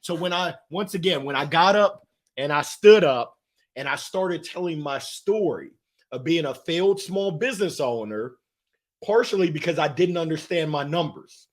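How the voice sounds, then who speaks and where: Lively, high-pitched storytelling man. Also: moderate pace. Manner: lively, acts out voices in anecdotes. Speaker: guest. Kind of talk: animated storytelling.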